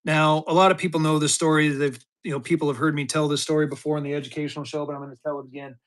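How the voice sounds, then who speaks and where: Casting: fifty-something man, live auction seller, rambling and chatty, slightly high voice. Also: flat delivery, racing. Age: 50s. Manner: rambling, chatty, with many restarts and fillers. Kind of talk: casual live-stream chat.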